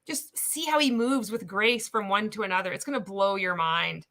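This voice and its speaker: A woman's voice: medium pitch, moderate pace, bright, forceful tone. A woman giving sarcastic, swearing reaction commentary on a video. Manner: sarcastic, swearing, bursting into laughter.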